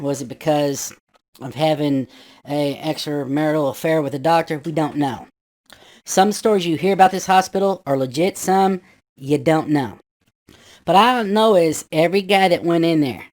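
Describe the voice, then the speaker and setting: A man in his fifties telling a spooky true story in a loose, rambling way, full of "you know" asides, sometimes shouting out what others said. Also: fairly high pitch. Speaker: guest storyteller. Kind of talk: casual spoken ghost story.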